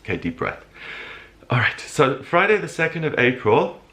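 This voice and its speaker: A man's voice: medium pitch, very animated, normal speed, fairly bright tone. A man hosting a weekly horoscope show, talking earnestly and at times emotionally about the week's astrology. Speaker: astrologer host.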